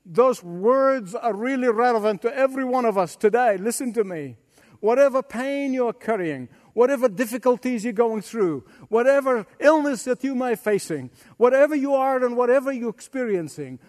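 A man's voice: extremely high pitch, expressive, measured pace, in a large hall. A man preaching an emphatic sermon as pastor, acting out quotes.

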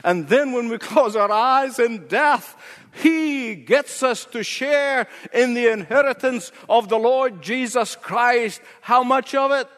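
A man's voice: very high-pitched, takes it slowly, a bit bright, long reverb tail. A male pastor preaching a sermon with an emphatic, repetitive cadence.

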